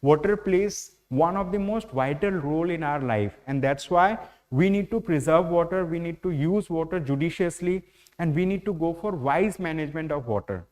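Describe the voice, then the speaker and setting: This online exam-prep lecture on current affairs features a man with an Indian English accent who explains step by step, filling gaps with "like, you know" a lot. He speaks at normal speed in a slightly high, slightly mellow voice.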